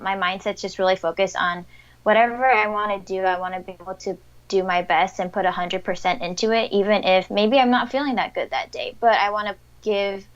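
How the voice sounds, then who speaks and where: A woman's voice: mid-range voice, highs cut off. A young woman answering interview questions in a chatty, upbeat way, with fillers and light laughter. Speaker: interviewed athlete.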